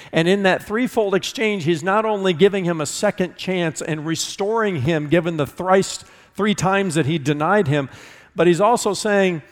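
A man's voice: sits high, moderate pace, big-room sound. A man preaching a sermon as a pastor, conversational and earnest, acting out dialogue from scripture.

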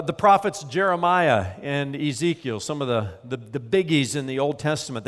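A pastor delivers a sermon with a fairly high voice, pausing to read scripture slowly and deliberately. His words ring out with a long reverb, as if spoken in a large church sanctuary. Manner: measured preaching, slows to read scripture quotes.

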